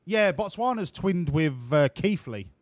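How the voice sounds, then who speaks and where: Profane, jokey streamer. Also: male voice, fairly high pitch, big pitch swings, a little slow, no room sound. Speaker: game streamer. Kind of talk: live-streamed gameplay commentary.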